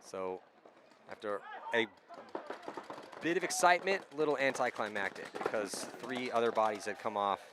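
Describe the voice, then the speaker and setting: A man's voice: lowish voice, noisy background. A man from California calling a paintball match, talking it through in a chatty, analytical way while commentating outdoors. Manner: chatty, analytical, quick to laugh. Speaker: play-by-play commentator. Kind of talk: live sports commentary.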